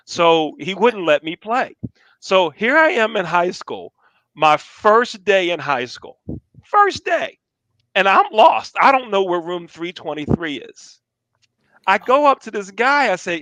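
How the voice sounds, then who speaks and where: Animated high-voiced older man storyteller. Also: measured pace, no echo. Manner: animated storyteller acting out quotes. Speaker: storyteller guest. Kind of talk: casual anecdote telling.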